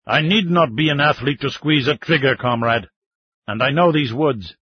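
A man voicing a stubborn old Russian hunter and war veteran who refuses to leave his land, speaking gruffly in a raised voice. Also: medium pitch, moderate pace, no room sound, lightly acted. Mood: defiant. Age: older. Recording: dull, slightly muffled audiobook sound.

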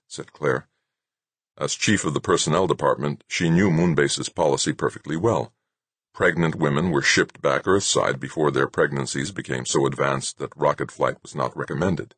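A man narrating an audiobook in a measured, steady way. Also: a bass voice, husky, dry recording.

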